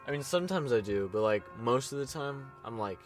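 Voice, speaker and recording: A man's voice: mid-range voice, lively intonation, fairly quick, soft background music. A young man co-hosting a podcast in casual chat, laid-back and joking, laughing often. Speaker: podcast co-host.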